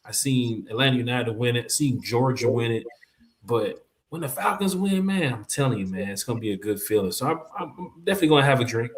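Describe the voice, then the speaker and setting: A man as a guest on a fan talk show, talking in a casual, animated way with lots of slang. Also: mid-range voice, a little fast. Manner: animated, colloquial, says "you know what I'm saying".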